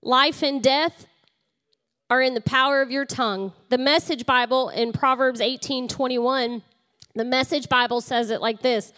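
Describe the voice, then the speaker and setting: A middle-aged woman pastor preaching in a church, her voice sitting a little high. She slides between chatty, laughing storytelling and earnest exhortation to the congregation. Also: measured pace, fairly bright tone. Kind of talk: sermon.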